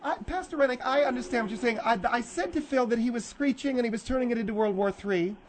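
A man in the radio studio who talks earnestly and trips over his words. His voice is strikingly high. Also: quick pace, a crowd in the background.

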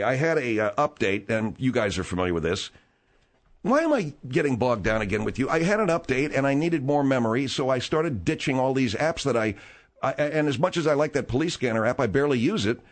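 Animated male talk radio host. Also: mid-range voice, quick pace. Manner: animated, exasperated, jokey. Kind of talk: comedic talk radio banter.

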